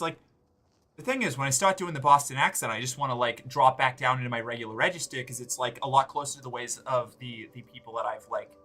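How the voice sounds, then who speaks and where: A man in his forties streams a game while chatting casually and profanely, rambling and cutting himself off mid-thought. His voice is a little high, bright, and forceful.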